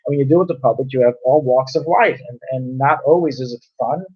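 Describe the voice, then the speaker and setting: A man giving a relaxed Torah class at a middle pitch, talking it through with everyday examples. He often repeats himself and restarts phrases as he explains. The recording sounds dull and lo-fi. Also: quick pace, slightly rough. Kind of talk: conversational Torah class lecture.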